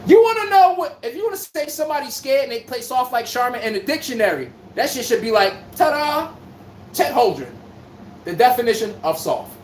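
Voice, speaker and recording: A man riffing on basketball to his live-stream chat, trash-talking and swearing with big swings in pitch. He sounds set back from the mic in an echoey room, with faint background noise. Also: fairly quick, distant mic. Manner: animated, profane trash talk to chat. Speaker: sports podcast host. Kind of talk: live-stream sports talk.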